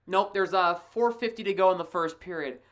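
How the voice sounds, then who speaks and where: Excitable woman calling hockey live. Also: on the low side. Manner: excitable, quick to laugh, chatty asides to a co-host. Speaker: fan play-by-play commentator. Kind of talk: casual live hockey play-by-play.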